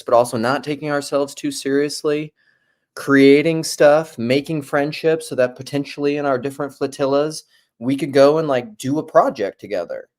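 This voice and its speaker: A man's voice: mid-range voice, a little mellow. Chatty laughing male podcast host. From Minnesota. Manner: rambling, laughs easily. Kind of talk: casual chat.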